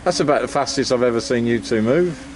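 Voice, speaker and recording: Casual dad vlogger, mid-pitched, relaxed and practical, wry asides to the kids; clear outdoor traffic noise under the voice. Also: male voice, brisk. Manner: chatty, practical, lightly joking with his kids. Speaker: family travel vlogger. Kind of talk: casual vlog narration.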